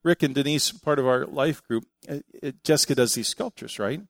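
A middle-aged man preaching a sermon, telling family stories in an animated way and acting out what people said. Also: medium pitch, a little fast, vocal fry, no room sound. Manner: animated storytelling, acting out quotes. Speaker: pastor.

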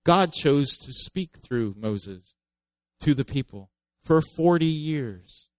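A man's voice: fairly high pitch, animated, slow pace, no room sound, low-quality recording. A man preaching a sermon in a conversational way, reading scripture aloud with emphasis and adding joking asides. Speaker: pastor.

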